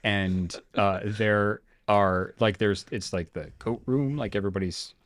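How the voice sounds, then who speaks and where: A man's voice: fairly low pitch, fairly even intonation, unhurried, dry recording. Man narrating a tabletop game, dry mic. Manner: loose, filler-heavy storytelling with sudden shouted character bits. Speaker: storyteller.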